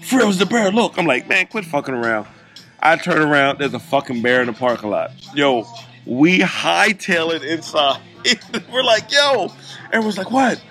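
A man co-hosting a casual chat, telling stories in an animated, joking way and acting out the people he quotes. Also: fairly high pitch, moderate pace, soft background music. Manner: animated, jokey, acts out quoted voices. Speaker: podcast co-host.

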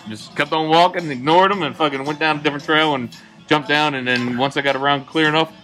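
A man's voice: fairly high pitch, steady tone, fast talker, pushed and bright, soft background music, rough recording. A man co-hosting a casual chat, blunt and swearing freely as he tells what happened to him outdoors. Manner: blunt, swears freely, drops his voice for emphasis. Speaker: podcast co-host.

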